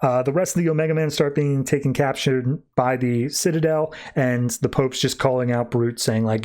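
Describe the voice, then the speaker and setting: A male podcast host walking through a comic story in loose, everyday conversation. His voice sits at an ordinary mid pitch, relaxed and chatty. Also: moderate pace, hardly any pauses. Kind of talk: casual comic recap.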